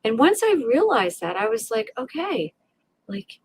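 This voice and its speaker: Middle-aged woman, podcast guest, higher voice, dry close sound, animated storytelling. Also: normal speed, breathy edge, no room sound. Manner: animated, acts out her inner voices, frequent restarts and tag questions. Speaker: guest, resilience coach. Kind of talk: emotional personal storytelling in a podcast interview.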